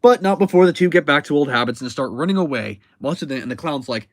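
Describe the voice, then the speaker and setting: A man talks through a comic in a loose, rambling way, stopping to correct and restart his sentences. His voice sits a little higher than most men's. The sound is dry and close. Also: animated, quick pace, few pauses, no echo. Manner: rambling, self-correcting, chatty. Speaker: comic book reviewer. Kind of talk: casual comic recap.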